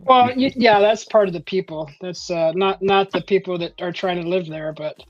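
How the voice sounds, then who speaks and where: A woman from California with a lowish voice hosts a casual chat at normal speed, rambling, using many fillers, and laughing frequently. There's no echo, and the recording is dull lo-fi stream audio carrying faint music.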